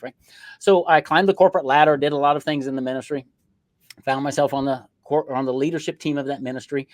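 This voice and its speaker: A middle-aged man, a podcast guest, telling his story in a lively way and acting out bits of dialogue. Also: fairly high pitch, no room sound. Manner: lively storyteller who acts out dialogue in changed voices. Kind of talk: casual interview storytelling.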